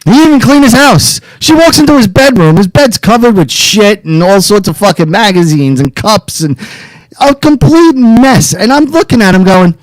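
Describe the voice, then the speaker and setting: A man with a high, lively voice co-hosts a casual chat show. He swears freely and slips into mocking quotes of other people. The sound is dry and close. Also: normal speed, dry recording, low-quality recording. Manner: profane, animated storytelling with mock quotes. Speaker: podcast co-host.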